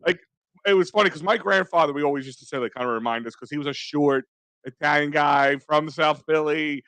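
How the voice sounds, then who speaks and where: A man's voice: fairly high pitch, fairly quick, a bit bright, no room sound. A man co-hosting a casual sports podcast, talking emphatically with many fillers. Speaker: podcast co-host.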